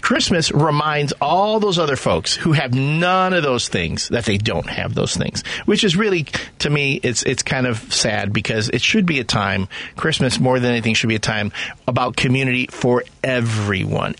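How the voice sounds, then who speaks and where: A man's voice: mid-range voice, animated, normal speed, fairly bright tone, no echo. A man co-hosting a talk radio show, making earnest, opinionated points with hesitant fillers. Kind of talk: casual talk radio chat.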